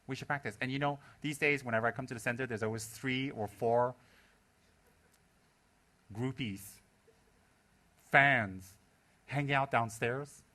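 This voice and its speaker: A man's voice: mid-range voice, measured pace, long pauses. A male Buddhist lama giving a humorous dharma talk to his students. He talks animatedly, laughing and mimicking people as he goes. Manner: animated, acts out students' voices with gasps and laughter.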